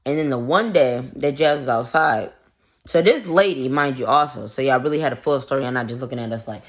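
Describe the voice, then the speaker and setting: A woman's voice: a bass voice, fairly quick. A woman vlogger casually telling a story in a blunt, profane, irritated way, acting out the quoted dialogue. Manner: animated, acts out the quoted dialogue.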